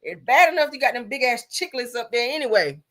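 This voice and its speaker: Sassy woman gossip host, bright sharp voice, pitch jumps all over, laughing loud. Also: expressive, fast talker. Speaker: commentary channel host. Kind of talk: casual gossip commentary.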